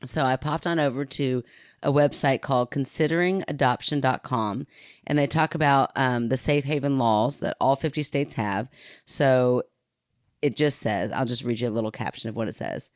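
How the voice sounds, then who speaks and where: A woman in her thirties co-hosting a podcast, an animated storyteller who laughs often. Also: extremely low pitch, normal speed, dry recording, clean studio sound. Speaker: podcast co-host. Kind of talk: casual chat.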